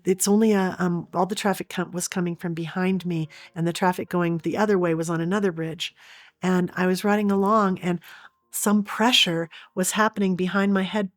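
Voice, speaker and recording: A woman's voice: mid-range voice, no room sound, studio quality. A middle-aged woman from Oregon, an interview guest telling a personal story earnestly, with frequent restarts. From Oregon, USA.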